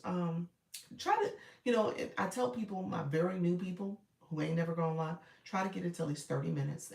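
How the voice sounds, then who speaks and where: Gravelly low woman coaching a live stream. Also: a little mellow. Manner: chatty, greets viewers by name mid-sentence; colloquial, uses y'all and ain't. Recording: roomy, distant from the mic.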